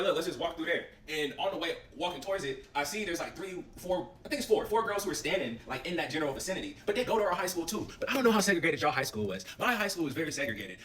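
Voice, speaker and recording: A young man casually telling a story, animated and full of slang and swearing. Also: on the high side, distant mic, a little hiss or hum.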